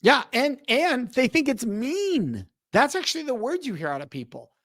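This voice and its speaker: A man's voice: very high-pitched, sing-song, moderate pace, a bit bright, no room sound. A middle-aged man and podcast guest, explaining emphatically and acting out quoted dialogue in conversation. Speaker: podcast guest, speaker on respect.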